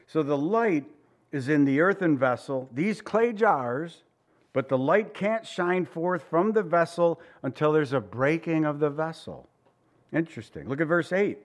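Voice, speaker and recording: A middle-aged man preaching a sermon, animated, often dropping to soft asides. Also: a little high, a little slow. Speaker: pastor.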